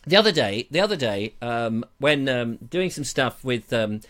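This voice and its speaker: A man hosts a live online show from a small studio, wearing a lapel mic as he jokes and rambles in a playful, digressive way. His mid-range voice is a bit bright, with lively intonation and a normal speaking speed.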